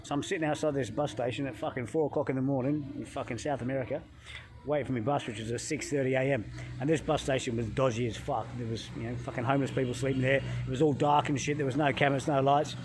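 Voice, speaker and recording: A middle-aged man from England, a health coach vlogger telling a travel story in a swearing, animated way, talking into a phone outdoors by a hotel pool. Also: mid-range voice, fast talker, background noise.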